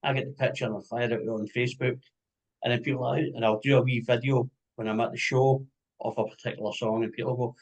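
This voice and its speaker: A man with a Scottish accent interviewing a band in a casual chat, telling animated stories with jokes and swearing. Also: mid-range voice, quick pace, rough recording. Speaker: music interviewer.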